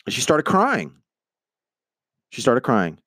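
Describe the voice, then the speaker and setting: A man's voice: medium pitch, slow, dry recording, studio quality. A man casually telling a rambling personal story, acting out the people in it. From United States. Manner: rambling, animated, acts out quoted voices; swears casually. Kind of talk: casual spoken anecdote.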